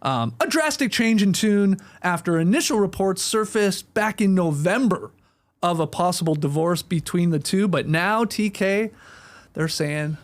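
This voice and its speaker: A man's voice: high-pitched, measured pace. A Canadian man hosting a sports podcast, joking and upbeat as he runs the show. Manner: upbeat, animated, jokey. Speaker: podcast host. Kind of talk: casual sports podcast chat.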